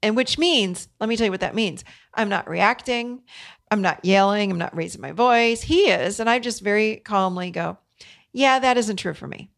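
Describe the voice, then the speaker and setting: Gravelly-voiced woman podcast host. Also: mid-range voice, moderate pace, fairly bright tone. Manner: earnest, coaching tone, speaks directly to listeners. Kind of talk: solo podcast talk.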